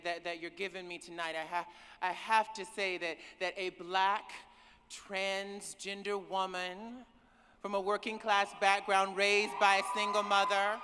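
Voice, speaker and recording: A woman's voice: mid-range voice, a little hiss or hum. A woman giving an emotional keynote speech to a cheering audience, effusive and repeating words when she is moved. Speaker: keynote speaker. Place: large conference hall with live audience. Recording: echoey hall from far off, loud crowd.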